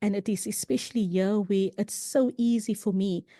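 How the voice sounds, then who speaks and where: Female podcast guest, mid-pitched and mellow, earnest and chatty, prone to restarts, recorded dry. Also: steady tone, normal speed, no echo. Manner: earnest storytelling, frequent "you know" and restarts. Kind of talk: casual podcast conversation.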